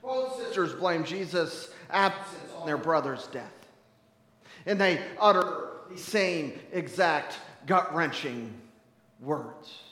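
A man preaching a sermon as pastor, conversational and wry, shifting between humor and hushed grief. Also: a little high, expressive, slow, echoey room, long reverb tail.

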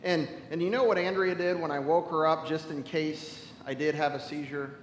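A man preaching a sermon as a pastor, telling stories animatedly and swinging from loud to hushed. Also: on the high side, fairly even intonation, moderate pace, echoey room, long reverb tail, a little hiss or hum, low-quality recording.

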